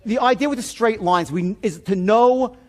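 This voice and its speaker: A man with a high voice gives a live sales seminar. He tells stories in an animated, profane way, jumping from loud bursts to low, confiding asides. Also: moderate pace. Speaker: sales and persuasion trainer.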